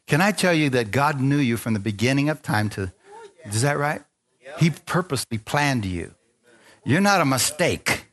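Preaching with an expressive voice at a moderate pace, this pastor calls on the crowd for amens in classic call-and-response fashion. He alternates between quiet asides and loud, building exhortation, poking fun at himself along the way.

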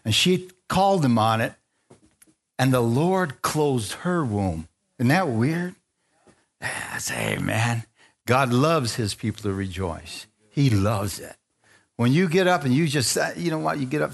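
A man's voice: medium pitch, measured pace, creaky. A man preaching a sermon, calling for amens and hallelujahs from his congregation. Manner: lively, call-and-response preaching with frequent amens. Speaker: pastor.

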